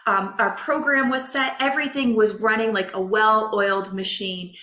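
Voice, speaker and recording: A woman coach, a podcast guest, telling a personal story in a candid, emotional, expressive way. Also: medium pitch, normal speed, echoey room.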